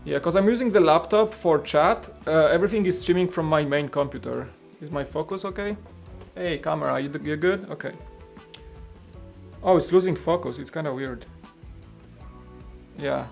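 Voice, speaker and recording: A man's voice: fairly high pitch, moderate pace, creaky, pauses often, faint music behind. A man hosting a casual live stream while building, rambling and thinking aloud to his chat into a studio mic at his home setup.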